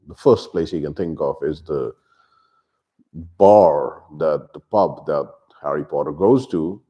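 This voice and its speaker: A man's voice: very deep voice, unhurried, highs cut off. A man giving a casual book review, retelling the plot loosely with asides and acting out the characters' lines.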